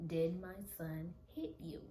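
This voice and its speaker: A woman voicing a gentle but firm middle-aged mother who talks softly in her storytelling vlog, in an echoey room with background noise. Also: fairly high pitch, flat delivery, takes it slowly. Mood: coaxing. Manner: soft, coaxing.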